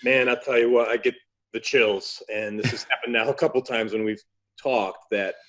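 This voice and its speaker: A man's voice: medium pitch, steady tone, moderate pace, fairly bright tone. A man of about fifty hosts a podcast with a New York accent. He sounds enthusiastic, with a mid-range voice, and opens with announcer-style introductions. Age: 50s. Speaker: podcast host. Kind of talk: casual podcast interview.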